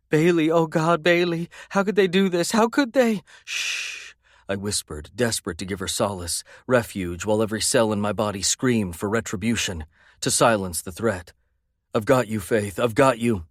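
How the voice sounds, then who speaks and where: Intense low-voiced male narrator. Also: no room sound, studio quality. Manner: intense, brooding. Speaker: audiobook narrator. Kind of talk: first-person romance audiobook narration.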